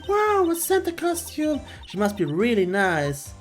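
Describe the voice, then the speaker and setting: A streamer voicing an excitable young female assistant, reading game dialogue aloud. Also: mid-range voice, normal speed, faint music behind, lightly acted. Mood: eager.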